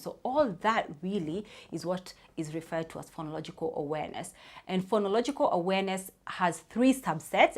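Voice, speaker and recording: A woman's voice: on the low side, fairly bright tone. A woman in her thirties, a speech therapist, explaining reading tips to parents in a chatty way, often saying "you know" and spelling out sounds.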